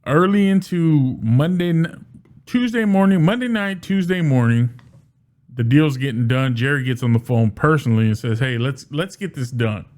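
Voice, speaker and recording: A man giving casual solo commentary as a sports fan, animated, often restarting and repeating words. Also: mid-range voice, moderate pace.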